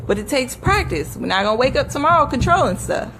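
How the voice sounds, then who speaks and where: A woman with a somewhat high voice leads a live motivational talk. She repeats short affirmations with earnest, coaching conviction, laughs easily, and speaks to her viewers by name. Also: sing-song, quick pace, background noise.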